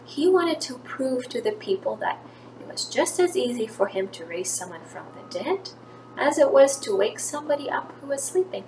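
A woman's voice: a little high, darkish tone. Woman teacher telling a Bible story. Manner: storytelling, acts out quoted lines with lifted voice. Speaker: grade 3 teacher. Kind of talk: Bible story lesson for children. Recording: echoey room, faint background noise.

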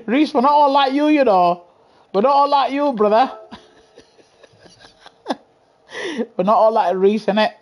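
A man's voice: very high voice, takes it slowly, pauses often. A young British man giving live racing game commentary on a headset, bantering with chat in slang and laughing often. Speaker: gaming streamer. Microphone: gaming headset.

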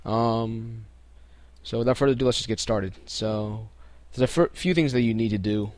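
With a medium-pitched voice at a moderate pace and no echo, a young tutorial host talks through a computer task step by step in a casual screen recording. He sounds relaxed, filling his explanation with ums and restarts.

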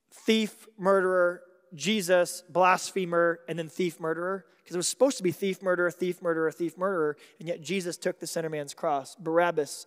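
A man preaching a sermon as pastor, swinging between hushed asides and loud, emphatic declarations. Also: a little high, long reverb tail. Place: large church hall.

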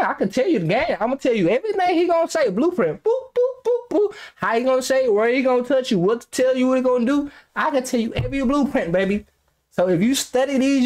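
A young man hosting a reaction video, talking casually with lots of profanity, frequent laughter and rambling side stories. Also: extremely high pitch. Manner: animated, profane, laughs often, rambling anecdotes.

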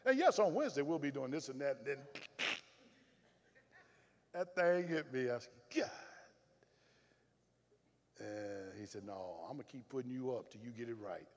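Southern male pastor, folksy preacher, lively pitch, recorded in a reverberant church hall. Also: moderate pace, long pauses. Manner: folksy storytelling, swings from loud and firm to low and confiding. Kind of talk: sermon. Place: church sanctuary.

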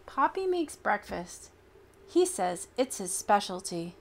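A woman reading a children's picture book aloud in an expressive, childlike storytelling manner. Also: mid-range voice, slow pace, slight background noise.

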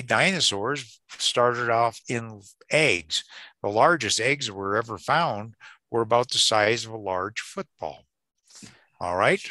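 A man delivers a seminar lecture in a chatty, joking manner, often asking "okay?" and "right?". His voice is bright and forceful and swings widely in pitch. The sound is dry and close. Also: no room sound. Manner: chuckles at his own jokes. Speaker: creation science seminar speaker.

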